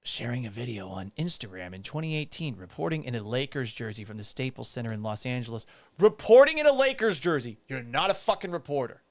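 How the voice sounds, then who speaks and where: A man hosting a radio-style talk show, ranting loudly and profanely with exasperation. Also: medium pitch, lively intonation, fast talker, few pauses, no room sound. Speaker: radio broadcaster and show host. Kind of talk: loud ranting commentary.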